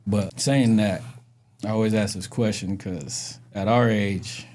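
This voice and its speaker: A man's voice: on the low side, steady tone, unhurried, a little mellow, slight background noise. A middle-aged man hosting a podcast, talking earnestly and reflectively in casual conversation, asking his guests questions. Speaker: podcast host.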